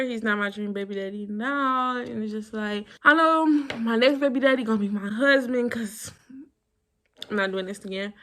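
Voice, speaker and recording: A woman's voice: fairly high pitch, a bit bright. A young woman in her twenties chatting casually to the camera, rambling through a story time outro with plenty of fillers. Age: 20s. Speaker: vlogger.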